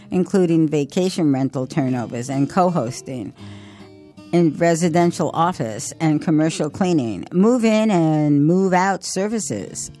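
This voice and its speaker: A woman presenter on community radio reading a sponsor message in a measured, scripted way. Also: sits low, mellow.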